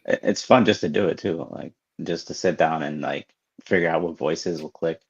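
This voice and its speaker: A man's voice: very deep voice, normal speed, breathy edge. A man chatting casually on a livestream, easygoing and friendly. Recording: dull lo-fi sound.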